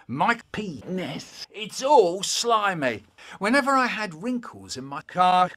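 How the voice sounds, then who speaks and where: A man telling children's stories, spliced into a comedy remix, with animated delivery, sudden shouts and silly voices. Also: high voice, a little slow. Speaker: children's poet reading stories.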